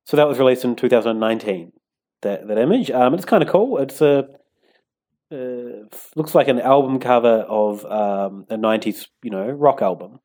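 A man's voice: mid-range voice, normal speed, warm tone. A man, co-hosting a casual podcast, easygoing and hesitant, with lots of "like" and "um". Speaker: podcast co-host. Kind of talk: casual chat.

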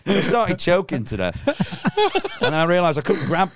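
A man's voice: fairly high pitch, a little slow. A comedian telling a rambling anecdote in casual chat, swearing freely and acting out the voices of people in his story. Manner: animated, swears freely, acts out voices in stories. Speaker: stand-up comedian.

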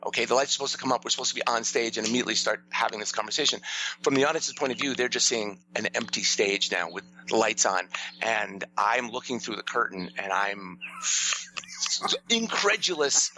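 In a chatty interview, a man who writes plays and tells stories briskly relates an animated backstage anecdote, performing the quoted lines with sudden shifts in pitch. Slight background noise and rough recording quality come through.

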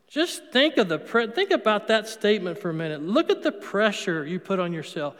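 Middle-aged male preacher with a high voice, chatty and emphatic, echoing through a big church hall. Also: big pitch swings, a little fast, few pauses, fairly bright tone. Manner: conversational, storytelling, with emphatic punches. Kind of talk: sermon. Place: church sanctuary. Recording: long reverb of a large hall.

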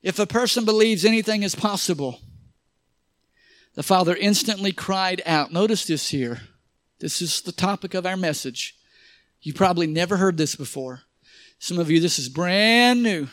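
A man preaching a sermon in church, animated, calling on the congregation to answer and repeat after him. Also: high voice, moderate pace, pauses often, dry recording, studio quality. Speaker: pastor.

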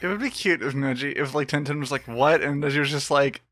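Bright-voiced man, dry podcast recaps. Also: on the high side, quick pace, hardly any pauses. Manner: dry recaps, sarcastic asides. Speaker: podcast co-host. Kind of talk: casual chat and episode recap.

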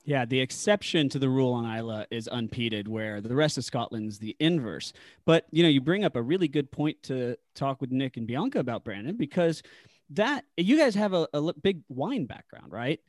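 A man's voice: mid-range voice, animated, normal speed, no echo. Chatty man explaining whisky, dry sound. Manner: explanatory, conversational, with fillers. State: married. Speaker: podcast guest, whisky enthusiast. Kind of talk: casual podcast chat.

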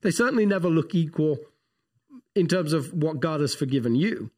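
Guy podcasting about theology, voice on the high side, rambly and lively. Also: moderate pace. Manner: rambling, animated storytelling with restarts. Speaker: podcast co-host, pastor. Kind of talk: casual theological chat.

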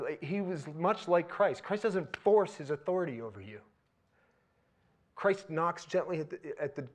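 A man preaching a sermon in a conversational way, turning animated and loud when he retells scenes. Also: on the high side.

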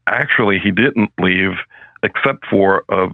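A male professor speaking as a podcast guest, in an earnest, measured and reflective way, heard over a narrow phone-like line. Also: deep voice, dry recording. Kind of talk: podcast interview. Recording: phone-like, dry, narrow sound.

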